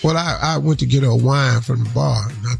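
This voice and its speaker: A man's voice: mid-range voice, brisk, gravelly, darkish tone, soft background music. A man on a radio show telling a laid-back, anecdotal story in casual chat.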